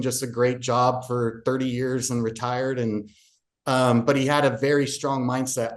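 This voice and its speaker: Earnest man telling his story. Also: mid-range voice. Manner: earnest, frequent fillers and restarts. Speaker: podcast guest, real estate agent. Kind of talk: personal storytelling in an interview.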